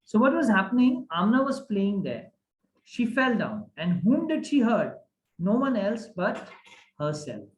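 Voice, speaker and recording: Animated male teacher. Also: high-pitched, unhurried. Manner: animated, asks the class many checking questions. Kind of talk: online grammar class. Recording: echoey room.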